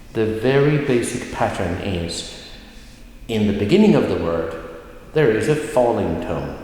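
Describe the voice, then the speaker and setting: A man teaching a Swedish pronunciation video lesson at a whiteboard, explaining slowly and patiently and drawing out example words. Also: lowish voice, a little mellow. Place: classroom with whiteboard. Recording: roomy, echoey room with long reverb and faint noise.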